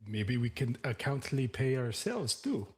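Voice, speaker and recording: A man voicing a gruff, overworked male crew member who complains loudly and slowly. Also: mid-range voice, big pitch swings, pitched above the performer's own voice, exaggerated voice. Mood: complaining. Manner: loud, drawn-out complaining.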